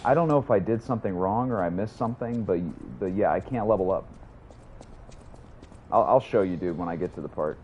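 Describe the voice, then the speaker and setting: A man's voice: fairly low pitch, fairly quick, highs cut off, background noise. Profane rambling young man streaming a game. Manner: rambling, profane, reads and answers chat. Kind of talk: casual gaming livestream chatter.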